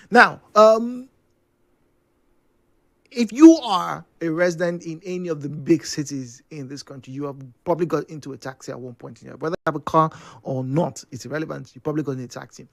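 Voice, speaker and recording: A man's voice: a little high, fairly quick, creaky, no echo, clean studio sound. A man with a Nigerian accent hosting a radio talk show, thinking aloud in a chatty way with asides and plenty of fillers.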